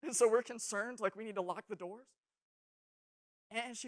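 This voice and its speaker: A young adult woman speaking to students in a youth sermon, telling funny stories with animated, self-mocking humor. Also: fairly high pitch, moderate pace.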